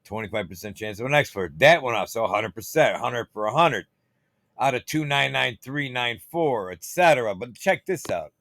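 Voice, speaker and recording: A man's voice: medium pitch, lively intonation, normal speed, fairly bright tone, no echo. A man hosting his own channel, rambling in casual, profane, conspiratorial commentary while showing things on his computer screen. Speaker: channel host.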